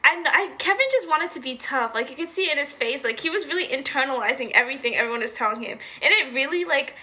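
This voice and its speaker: Young woman, podcast co-host, giggly storyteller, high bright voice. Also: expressive, fast. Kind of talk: casual chat.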